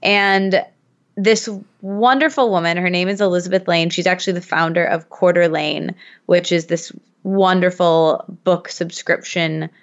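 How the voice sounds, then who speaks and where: A chatty woman in her thirties from Michigan, USA, is a guest on a casual podcast, rambling through stories full of fillers. Her voice is lowish with fairly even intonation and an unhurried pace, and the sound is slightly muffled.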